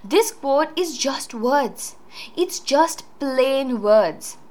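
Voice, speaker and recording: A woman speaks on her own show in a loose, rambling way. She is earnest and full of fillers and restarts. Her voice sits a little high. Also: lively intonation, very slow, darkish tone. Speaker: podcast host. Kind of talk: casual solo talk.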